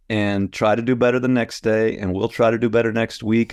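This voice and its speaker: A man's voice: on the low side, little pitch movement, fairly quick, darkish tone, clear, resonant tone, no echo, clean studio sound. A man co-hosting a casual podcast as a sports columnist, joking wryly and laughing as he talks. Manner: joking, wry, laughs while talking.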